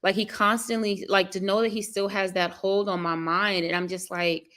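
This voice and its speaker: Bright-voiced woman vlogger venting. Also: mid-range voice, little pitch movement, moderate pace. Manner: candid, venting, many fillers, addresses viewers as y'all. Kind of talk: casual chat with live viewers.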